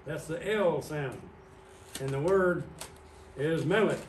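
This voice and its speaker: A man's voice: on the high side, slow pace, a little hiss or hum. A man preaching an evening sermon as pastor, explaining words on a screen step by step. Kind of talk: evening sermon with Bible teaching. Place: church sanctuary. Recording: roomy church sound from a distant mic.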